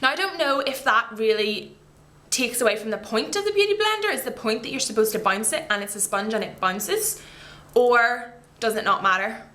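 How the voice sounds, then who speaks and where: Demonstrating her favourite makeup products on camera, a beauty vlogger talks casually and eagerly, wandering into rambling asides. Her fairly high voice is expressive, pushed and bright, at a normal speed.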